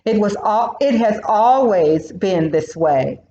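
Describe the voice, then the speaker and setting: A woman's voice: mid-range voice, lively intonation, takes it slowly, mellow. A woman voicing a proud, lazy male lion king who speaks haughtily and pities himself, in a storybook reading. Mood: self-satisfied. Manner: haughty, self-pitying. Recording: roomy, dull recording.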